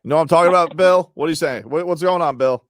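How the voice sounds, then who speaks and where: A man's voice: a little high, rapid-fire, no room sound, studio quality. A man hosting a sports radio show, teasing callers and his co-host in casual banter. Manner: teasing and animated.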